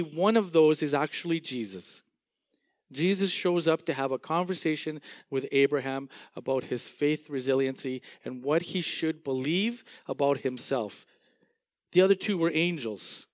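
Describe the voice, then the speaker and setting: A male pastor preaching a sermon in an animated, storytelling way, often chuckling as he paints vivid word pictures. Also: fairly high pitch, no room sound, studio quality.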